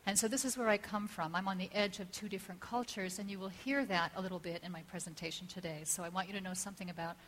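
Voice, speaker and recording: A woman speaking at a seminar in a measured, ceremonial manner. Her voice sits at an ordinary middle pitch. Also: fairly even intonation, fairly bright tone, a little hiss or hum, low-quality recording. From Northeastern North America. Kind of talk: prepared talk.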